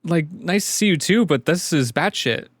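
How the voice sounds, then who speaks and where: A man's voice: on the high side, expressive, normal speed, slightly rough, no echo, clean studio sound, voice pushed up. A man voicing a laid-back stoner woman who swears casually in a drawling, slangy way.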